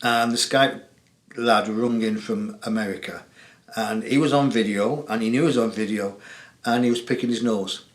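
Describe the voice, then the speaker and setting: A chatty English man hosts a call-in show on spiritual matters, talking straight to his viewers. He jokes a lot and laughs easily, at an ordinary middle pitch, and his voice carries the echo of the room. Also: normal speed. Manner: chatty, jokey, laughs often. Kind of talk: casual monologue to viewers.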